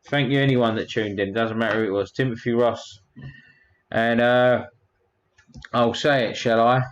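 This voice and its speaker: A man's voice: medium pitch, fairly even intonation, moderate pace, highs cut off. A man hosting a casual livestream, rambling and a bit crude as he thanks his chat one by one. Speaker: livestream host.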